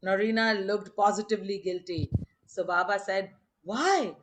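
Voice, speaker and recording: A woman's voice: mid-range voice, animated, a little slow, a bit bright, slight background noise. A woman reading anecdotes aloud on a video call, laughing often and acting out the quotes. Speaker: storyteller on a group video call.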